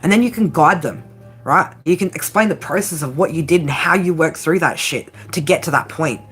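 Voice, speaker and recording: A woman's voice: deep voice, a little fast, fairly bright tone, slightly rough, faint music behind. A woman tarot reader giving a blunt, profane pep talk, peppering her lines with "right?" and "okay?". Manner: repeats "right?" and "okay?" constantly. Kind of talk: tarot reading monologue.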